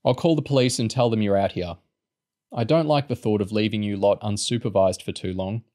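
A man as a brisk, kindly vet. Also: lowish voice, warm tone, lightly acted. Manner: brisk, reassuring and practical. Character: calm, kindly middle-aged male vet.

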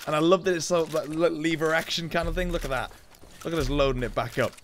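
Chatty young guy doing game commentary, a bit high voiced, little hiss behind. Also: fast talker. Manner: chatty and excitable, laughing at his own jokes. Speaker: gaming YouTuber. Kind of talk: casual gameplay commentary.

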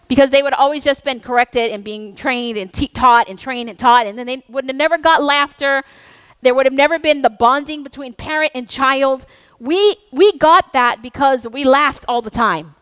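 A middle-aged woman pastor, preaching a sermon in an intense, animated way with playful asides. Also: high-pitched, dry recording. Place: church sanctuary.

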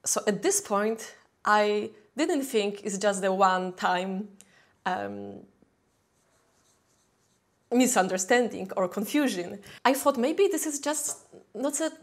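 A woman with a Polish accent, a knitwear designer talking casually to her viewers, chatty and a little self-deprecating. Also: mid-range voice. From Poland. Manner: chatty, self-deprecating, with small laughs and restarts. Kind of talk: casual tutorial talk to camera.

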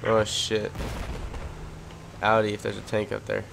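A man commentating his own online shooter match, swearing constantly and quick to rage. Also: lowish voice, completely flat delivery, vocal fry. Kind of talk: casual gameplay commentary. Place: at home in front of a big TV. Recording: loud game gunfire and vehicle noise behind.

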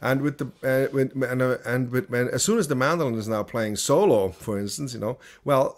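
A man teaching a banjo masterclass, talking slowly through ideas with lots of fillers and restarts. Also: mid-range voice, over loud music. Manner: thinking aloud, many fillers and restarts. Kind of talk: online masterclass lesson.

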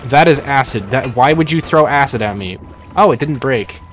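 A man's voice: medium pitch, lively intonation, moderate pace, a bit bright, soft background music. A young man casually commenting on his own gameplay, rambling and joking, with sudden panicky outbursts. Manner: rambling, jokey, panicky bursts. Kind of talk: casual let's-play commentary.

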